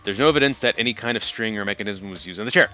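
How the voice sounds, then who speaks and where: Bright-voiced man reading game lines. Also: on the low side, racing, faint music behind. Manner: joking, cursing asides. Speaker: let's play host. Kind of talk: reading game dialogue aloud in a co-op playthrough.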